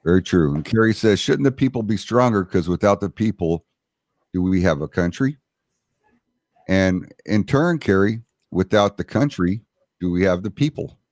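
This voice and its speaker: Low-voiced man hosting a podcast. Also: lively intonation, moderate pace, a little mellow, dry recording, clean studio sound. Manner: casual, hesitant, with many fillers. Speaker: podcast host reading chat comments. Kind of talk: casual political discussion.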